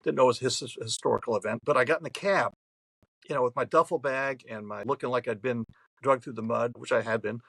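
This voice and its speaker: Podcast guest, man in his 70s from New York State, gravelly voice, rambling anecdotal storyteller, dry close recording. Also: mid-range voice, fast, a bit bright, no echo, poor audio. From New York State, USA. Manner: chatty, rambling, frequent restarts.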